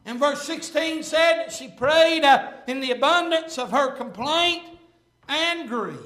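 A man preaching a sermon and reading scripture aloud, impassioned and swelling to shouts, with frequent "uh" fillers. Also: very high voice, unhurried. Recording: echoey room.

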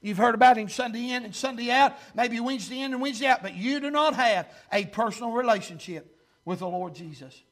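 A man with a drawl preaches in a remarkably high voice. He delivers his sermon fervently, filling pauses with drawn-out 'uh' sounds, swelling to loud bursts and then sinking low. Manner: fervent, pausing with 'uh' and surging louder then dropping low. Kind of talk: revival-style sermon.

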